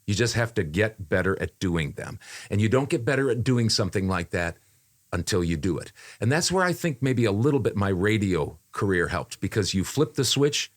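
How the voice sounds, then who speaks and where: Low-voiced man in casual podcast chat. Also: sing-song, normal speed. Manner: conversational, repeats phrases, frequent fillers. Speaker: voiceover artist.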